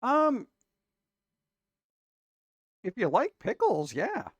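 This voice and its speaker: A man's voice: high-pitched, wildly swooping pitch, very slow, breathy edge, no echo. A man hosting a casual reaction show about food videos, talking in an exasperated, wisecracking way.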